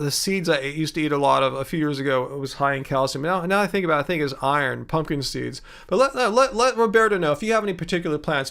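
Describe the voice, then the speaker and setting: A man's voice: fairly high pitch, a bit bright. A man in his thirties hosting a casual livestream, rambling and joking with many fillers and restarts. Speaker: livestream host answering viewer questions.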